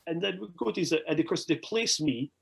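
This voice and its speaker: A young Scottish man telling a long rambling story as a podcast guest, animated and swearing freely. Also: fairly high pitch, brisk, gravelly, breathy edge. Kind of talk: casual storytelling.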